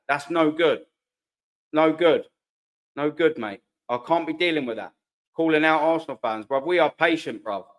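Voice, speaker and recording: A man's voice: a little high, a bit bright. A man hosting a live fan chat, reading out viewer comments in a heated, swearing, repetitive way. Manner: heated, swearing, repeats himself, slangy. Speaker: host of a live fan channel.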